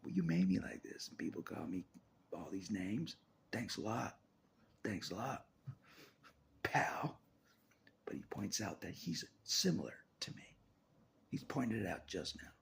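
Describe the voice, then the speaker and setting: A man's voice: fairly low pitch, lively intonation, a little slow, creaky, pauses often, a bit bright, a little hiss or hum. A man talking on his own about faith, half-whispering and laughing often as he rambles in a restless, searching way. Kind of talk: rambling spiritual monologue.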